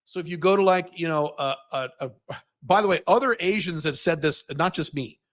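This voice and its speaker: In a slightly high voice and a brisk delivery, an American man with a General American accent answers viewer questions on a Q&A stream from Dubai, where he lives. The livestream monologue is blunt, profane, and full of mocking impressions.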